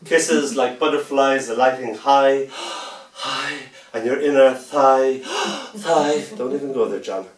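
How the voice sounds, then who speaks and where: A man giving a poetry reading to a festival audience, playful and theatrical, stretching out words and pausing for effect. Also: medium pitch. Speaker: poet. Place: festival venue indoors. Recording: echoey room, mic far off.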